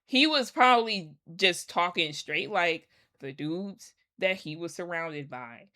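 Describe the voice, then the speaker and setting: A woman's voice: on the low side, animated, slow, pushed and bright. A woman vlogger ranting to her followers in a casual, emphatic and sarcastic way, repeating her points. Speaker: commentary vlogger. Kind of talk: casual rant to camera.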